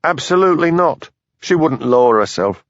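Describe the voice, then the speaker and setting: A prickly little Yorkshire woman, put on by a male audiobook narrator, clipped and defensive. Her voice sits well above his usual pitch. The recording is dry and slightly dull. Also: lively intonation, normal speed, no echo, close to an everyday voice. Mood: curt. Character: small sharp-tongued woman designer.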